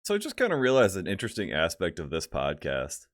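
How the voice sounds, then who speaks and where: Podcast co-host, lowish voice, "like"-heavy casual chatter, dry sound. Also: male voice, huge pitch swings, fast talker, no echo. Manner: filler-heavy, lots of "like", laughs often. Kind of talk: casual chat. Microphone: home studio mic.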